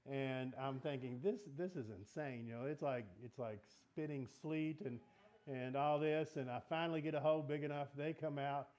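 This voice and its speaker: A man's voice: a little high, moderate pace, a little mellow. Conversational man leading a Bible study. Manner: conversational, asks the group questions. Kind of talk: casual teaching talk. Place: church meeting room.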